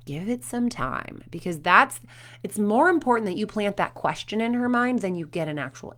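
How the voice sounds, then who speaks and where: A woman's voice: mid-range voice, moderate pace. A woman in her thirties, a performance coach, talking to parents and telling stories with acted quotes. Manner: animated storytelling with acted quotes.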